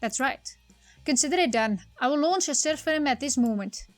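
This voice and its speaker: A woman's voice: high voice, animated, fairly quick, no room sound, soft background music. A woman voicing a bumbling male police constable with a put-on Cockney accent, melodramatic and weepy, in a text game. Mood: apologetic. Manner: weepy, melodramatic, rhyming slang.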